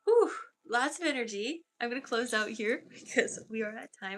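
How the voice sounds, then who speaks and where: A woman energy healer giving a channeled healing session, relaying spirit messages softly and leading a guided grounding through the body. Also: medium pitch, moderate pace, creaky, a little hiss or hum.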